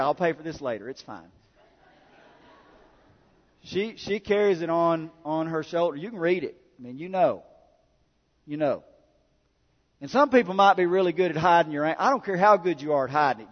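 High-voiced male pastor preaching in a reverberant hall. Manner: builds from quiet asides to loud repeated exhortations. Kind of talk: sermon. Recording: dull sound with long hall reverb.

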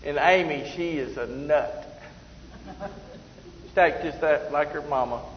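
A man's voice: a little high, a little slow, slight background noise. A man preaching a sermon, telling folksy stories and laughing at himself. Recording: roomy hall, slightly dull sound.

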